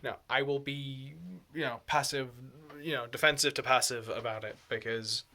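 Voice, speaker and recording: A man's voice: mid-range voice, steady tone, normal speed, bright, forceful tone. A man talking in a rambling, casual vlog, laughing often and swearing freely. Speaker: vlogger.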